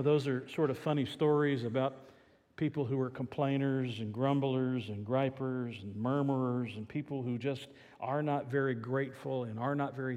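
A man's voice: medium pitch, mellow. A man preaching a sermon, telling stories in an earnest, plain way. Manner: storytelling, earnest. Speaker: pastor. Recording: echoey hall reverb.

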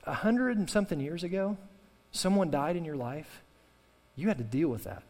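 A man's voice: on the high side, animated, normal speed, darkish tone, big-room sound. A male pastor preaching a sermon with fervor, repeating key phrases and calling on the congregation to respond. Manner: impassioned preaching with repetition and call-and-response.

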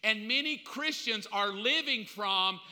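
A man preaching a sermon in an animated way, swinging between loud and hushed delivery. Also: high-pitched, measured pace. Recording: long hall reverb.

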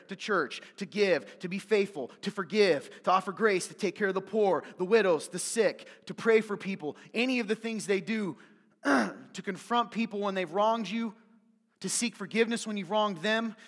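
A man preaching a sermon as pastor, fired up and yelling at times, then dropping to soft, confiding asides. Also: high-pitched, long reverb tail.

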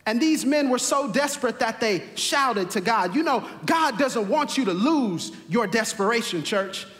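Male pastor, high and forceful, preaching with driving repetition, long reverb in the room. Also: lively intonation, a little slow. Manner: preaching with rising, emphatic repetition. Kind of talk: sermon. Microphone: camera mic, livestream to viewers.

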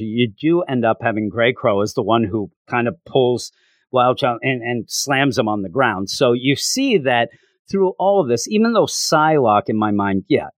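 A man talks through a comic book issue in a loose, rambling recap. His pitch moves a lot as he goes, and the sound is dry and close. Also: no room sound. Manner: rambling, animated. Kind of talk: casual recap.

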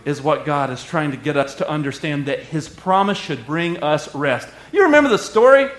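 A male pastor preaching a sermon with energetic call-and-response delivery. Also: a little high, moderate pace, hardly any pauses. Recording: echoey hall.

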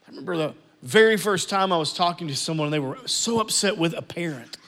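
Male preacher, earnest and conversational, high bright voice, reverberant hall. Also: expressive, fast. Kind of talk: sermon.

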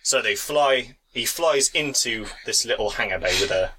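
A man narrating a tabletop role-playing game as game master, relaxed and chatty with fillers. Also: medium pitch, normal speed, noisy background.

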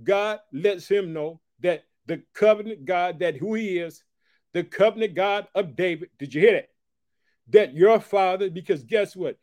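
Male preacher, high voice, slow emphatic scripture reading broken by quiet asides and catchphrases. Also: dry recording. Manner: punctuates reading with repeated catchphrases and call-outs; prays aloud for listeners. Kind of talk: sermon teaching from scripture.

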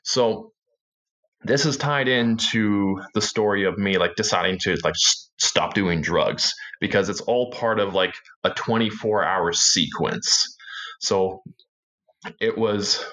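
A Canadian man, a guest, telling a personal story casually, in a loose and halting way with many fillers and restarts. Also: fairly low pitch, bright, forceful tone.

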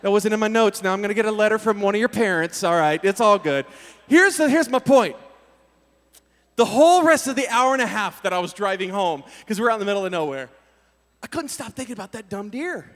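A man preaching a storytelling sermon to young people, acting out scenes with voices and sudden loud bursts. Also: high voice, brisk. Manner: animated, acts out scenes with voices and sudden shouts. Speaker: youth pastor. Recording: reverberant hall.

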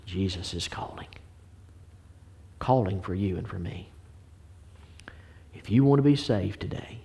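Earnest preacher man giving an altar call. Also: fairly low pitch. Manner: earnest pleading, swings from hushed whispers to loud exhortation. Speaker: pastor. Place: church sanctuary. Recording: faint piano music behind.

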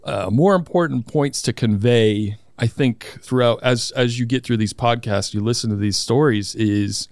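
A squadron commander in his thirties, appearing as a podcast guest, talks casually in a chatty, slightly nervous way and pokes fun at himself. His mid-range, darkish voice moves at a moderate pace with few pauses, captured in a dry, clean studio recording.

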